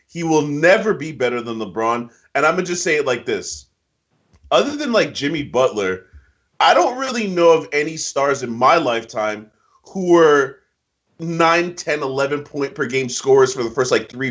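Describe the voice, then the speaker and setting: On a laid-back basketball show, a male co-host makes slangy, emphatic NBA picks with lively intonation. His pace is moderate and his tone fairly bright, though the low-fidelity audio is muffled.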